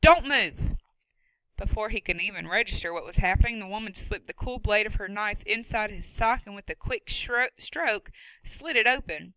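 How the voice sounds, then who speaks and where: Bright, dry audiobook narrator woman. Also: medium pitch, moderate pace, dry recording, low-quality recording. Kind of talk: scripted narration.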